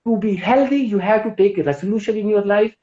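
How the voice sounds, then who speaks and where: A woman's voice: mid-range voice, fast, warm tone. A woman with an Indian English accent teaching yoga on a live stream, persuasive and full of questions to her audience. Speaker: yoga instructor. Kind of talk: live-streamed wellness talk. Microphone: phone or laptop mic on a live stream. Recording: roomy, dull lo-fi live stream audio.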